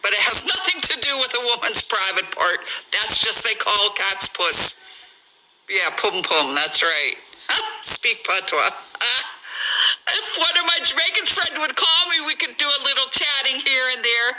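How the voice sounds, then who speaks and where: Bright-voiced, animated middle-aged woman. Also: on the high side, unhurried, a little hiss or hum, poor audio. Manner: chatty and animated, laughs often. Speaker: livestream host. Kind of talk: casual storytelling on a live stream.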